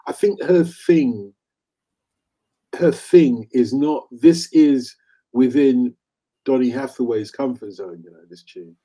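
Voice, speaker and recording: Older guy cohosting, husky mellow voice, chatty and opinionated. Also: mid-range voice, slow, low-quality recording. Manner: opinionated, chatty, laughs easily. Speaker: radio co-host. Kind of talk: casual chat about old chart songs.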